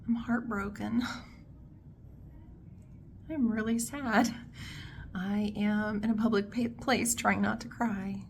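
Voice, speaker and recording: A woman's voice: mid-range voice, steady tone, slow pace, creaky, long pauses, a little hiss or hum. A woman hosting her own book vlog, chatting casually and expressively as she gushes about her reading. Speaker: book vlogger host.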